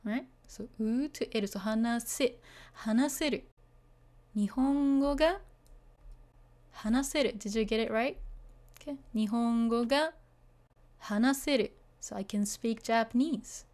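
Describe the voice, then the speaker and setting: A woman's voice: on the high side, a little slow, pauses often, darkish tone. A woman teaching a beginner Japanese lesson, chatty and full of fillers, often checking that the learners follow.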